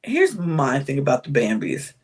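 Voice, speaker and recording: A woman's voice: extremely low pitch, wildly swooping pitch, normal speed. A woman hosting a podcast, giving a candid, chatty recap of a reality show, with frequent sighs and laughs. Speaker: podcast host.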